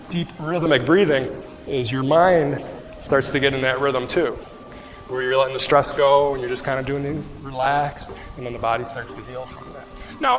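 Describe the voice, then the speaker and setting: A man's voice: on the high side, a bit bright, long reverb tail. A man teaching a qigong and mobility rehab class, patiently talking the group through each movement and asking them questions. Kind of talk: guided exercise class instruction. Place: rehab class room with floor tiles.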